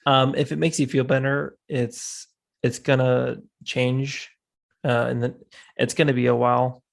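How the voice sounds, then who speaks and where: A man's voice: mid-range voice, level tone, unhurried, gravelly. A man talking as a guest on a casual podcast, readily agreeing and adding his own thoughts. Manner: agreeable, frequent affirmations.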